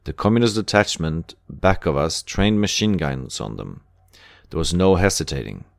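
A weak, wounded soldier voiced by a male narrator speaks in a deep, plain, grim tone. The lines are delivered quietly and without flourish. This is a storybook reading. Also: expressive, moderate pace, creaky, no room sound, studio quality.

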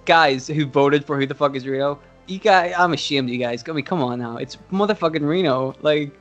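A man's voice: on the high side, a little fast, a bit bright, soft background music. Joking, laughing podcast co-host man. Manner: joking, swears freely, laughs often. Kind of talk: casual chat.

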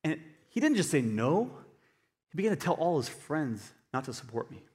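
A male pastor giving an animated sermon, swinging between quiet asides and loud emphatic bursts. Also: fairly high pitch, normal speed, breathy edge. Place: church hall. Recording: long hall reverb.

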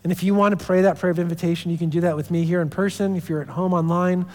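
Casual higher-voiced pastor in reverberant church. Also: male voice, steady tone, fast. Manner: casual storytelling with repeated restarts. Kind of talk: sermon. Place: church sanctuary. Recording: long church hall reverb.

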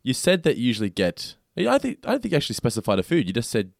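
A man's voice: medium pitch, wildly swooping pitch, rapid-fire, vocal fry, no echo, studio quality. A man hosting a podcast in casual chat, upbeat as he reads out listener suggestions. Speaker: podcast host.

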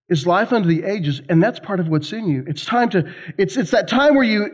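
A man preaching a sermon to college students, telling stories in an animated, emphatic way with conversational asides. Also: sits high. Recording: slightly dull lo-fi sound.

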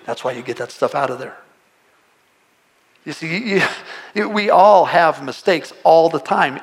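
A man's voice: fairly high pitch, fairly bright tone. A male pastor preaching a sermon to a live congregation, earnest and pleading, often repeating words and asking rhetorical questions.

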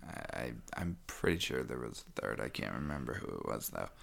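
Low, gravelly man, casual co-host who rambles and restarts; animated delivery. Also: fairly quick. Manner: rambling, self-interrupting, laughs often. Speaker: podcast co-host. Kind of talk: casual chat.

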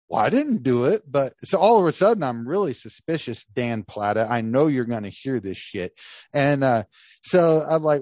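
A man hosting a casual podcast, telling a story with lively acted-out quotes. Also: medium pitch, moderate pace, no room sound, clean studio sound. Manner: animated storyteller acting out quotes. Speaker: podcast host.

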